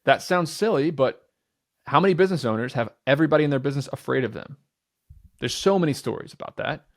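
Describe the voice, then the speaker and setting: Energetic, candid man in his thirties. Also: mid-range voice, fast, no echo, studio quality. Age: 30s. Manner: energetic, talks with certainty; candid, swears casually. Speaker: entrepreneur guest. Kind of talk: podcast interview.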